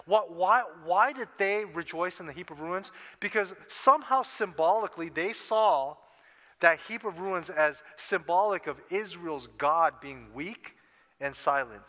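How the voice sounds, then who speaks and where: A man's voice: high voice, animated, a little slow, pushed and bright. A man preaching a sermon in a conversational way, often checking in with his listeners. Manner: conversational preaching, tag questions "right?". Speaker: pastor. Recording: long reverb of a hall.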